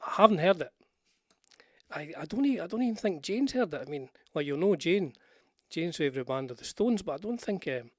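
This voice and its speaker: An older Scottish host chats on a casual livestream in a slightly high, slightly mellow voice, captured as clean studio sound with no room around it. His conversation rambles, punctuated by restarts and asides.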